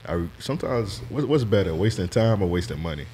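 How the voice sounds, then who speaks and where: A man's voice: low-pitched, lively intonation, fairly quick, mellow, slight background noise. A man hosting a podcast, asking easygoing questions in a casual interview chat. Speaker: podcast host.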